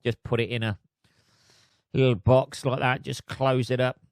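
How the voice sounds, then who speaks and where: A man's voice: medium pitch, level tone, a little slow, no room sound, clean studio sound. A man hosting a solo podcast, reading news aloud and riffing on it in a sweary, sardonic way. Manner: sweary, sardonic, laughs at his own jokes. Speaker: podcast host.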